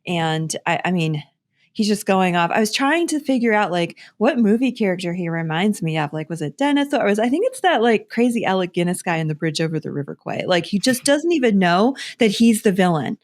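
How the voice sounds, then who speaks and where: A woman's voice: mid-range voice, expressive, brisk. A woman co-hosting a podcast, giving casual political commentary in a scornful, chatty way. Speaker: podcast co-host.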